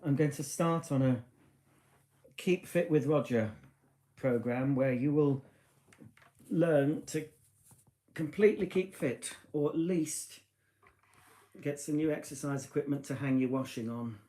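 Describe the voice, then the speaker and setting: A tipsy man rambles casually on a live stream from his living room, chatting and poking fun at himself. His voice sits on the high side and sounds mellow, coming a little slowly with long pauses. The room has a noticeable echo.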